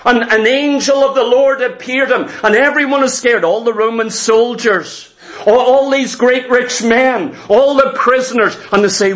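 High-voiced man preaching an emphatic sermon. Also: moderate pace, fairly bright tone. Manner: emphatic storytelling with repeated phrases.

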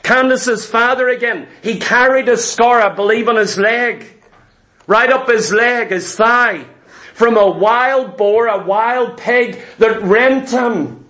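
A man preaching a sermon, emphatic, firing rhetorical questions and slowing down on key words. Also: very high voice, sharp tone. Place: church.

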